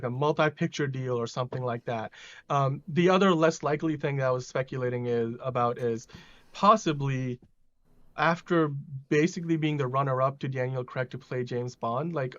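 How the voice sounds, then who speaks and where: A man's voice: mid-range voice, no room sound, dull audio. A man hosting a casual pop-culture podcast, talking in a rambling way with lots of fillers over a remote call. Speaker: podcast host.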